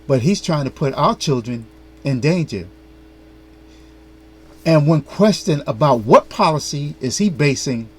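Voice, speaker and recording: A man hosts a commentary vlog in a mid-range voice. He speaks earnestly and makes sharp, critical points. His delivery is direct and serious. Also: mid-range voice. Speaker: host.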